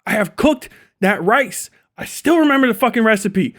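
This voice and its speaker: A man's voice: sits high, normal speed. A young man hosting a livestream, ranting casually with lots of swearing and laughter. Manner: profane, laughing, animated storytelling. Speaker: livestream host.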